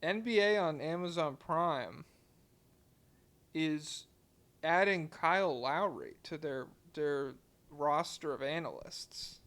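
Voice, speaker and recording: A man co-hosting a casual sports podcast, animated and joking, swearing freely. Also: a little high, slow pace. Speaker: podcast co-host.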